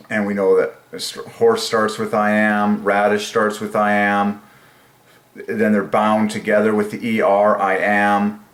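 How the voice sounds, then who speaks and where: A man talks slowly to his own channel, thinking aloud with enthusiasm and turning words over again and again. His voice sits low but now and then jumps up into a sing-song tone. The room around him is echoey. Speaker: channel host. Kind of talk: casual solo commentary on word numerology.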